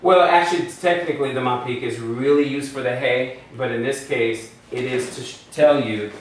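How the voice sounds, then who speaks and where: At a normal speed and medium pitch, a teacher leads a Hebrew grammar lesson, breaking down rules step by step and quizzing the class. The room is very echoey, the mic distant, and there's a little hiss or hum.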